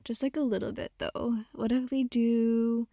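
Giggly woman in a slow whispered role-play. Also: on the high side, steady tone, vocal fry, dry recording, studio quality. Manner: soft, giggly and playful.

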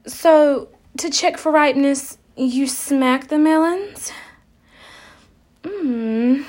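Brief: woman playing a cheeky kitchen helper in an adult audio role-play, put-on Southern accent, high, slow, breathy and coy. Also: a little mellow, full character voice. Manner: coy, breathy, teasing, drawn-out sighs.

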